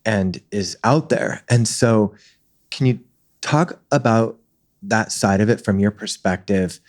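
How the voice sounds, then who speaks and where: A man's voice: on the low side, slow pace, darkish tone. A man hosting an interview, asking long, earnest, rambling questions. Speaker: interview host.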